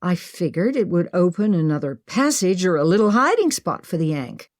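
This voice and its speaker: A woman's voice: fairly low pitch, sing-song, normal speed, dry recording, clean studio sound. A woman voicing an impulsive, upbeat young woman who brushes off worry, in an audiobook.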